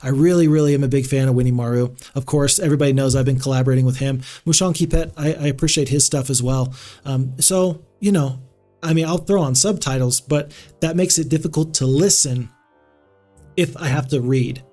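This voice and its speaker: A man's voice: mid-range voice, a little fast, dark tone, soft background music. A man commentating a strategy game on a live stream, chatty and rambling with frequent restarts.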